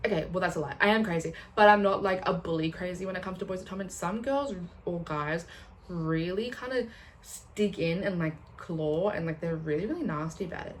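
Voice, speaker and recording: Young female vlogger, lower register, chatty and excitable, casual swearing. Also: brisk, slight background noise. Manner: rambling, excitable, swears and laughs often. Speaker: booktuber.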